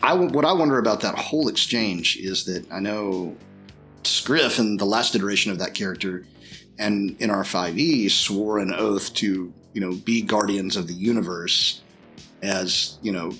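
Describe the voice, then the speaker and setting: A man's voice: fairly low pitch, fairly bright tone. A man player musing thoughtfully in a casual chat.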